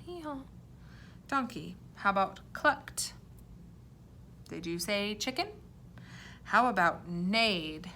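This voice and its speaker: Woman teacher, bright clear voice, slow careful reading, encouraging with young kids. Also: mid-range voice, a little hiss or hum. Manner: clear, encouraging, explains words simply. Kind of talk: reading a poem aloud to young children.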